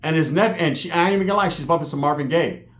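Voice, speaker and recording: A man with a slightly high voice tells a rowdy comic story from the streets. He swears freely and keeps checking in with "right?". The sound is echoey, as if recorded in a bare room. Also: racing. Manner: profane, tags lines with "right?".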